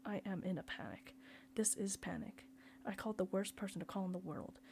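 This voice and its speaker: A woman's voice: mid-range voice, a little fast, darkish tone, in a whisper, lightly acted. A woman reading the part of a bewildered, anguished middle-aged father who pleads and defends himself.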